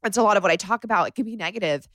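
Speaking very fast in a medium-pitched, fairly bright voice, a woman hosts a solo confessional podcast from her bedroom floor. She's candid and rambling, says "like" a lot, and gets emotional enough to be near tears at times; the podcast-mic recording is dry.

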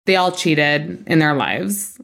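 A woman with a slightly low voice hosts a casual podcast. She spills gossip in long, animated stories, full of "like"s and quick asides to her listeners. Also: creaky. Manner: gossipy, animated storytelling with many "like"s and bursts of laughter. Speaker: podcast host. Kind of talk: casual chat.

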